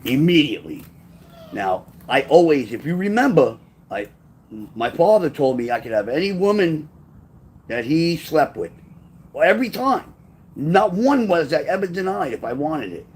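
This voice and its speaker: A man's voice: medium pitch, a little mellow, slight background noise. A man, from Brooklyn, rambling through blunt, profane memoir stories in a casual spoken style. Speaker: author telling his life story.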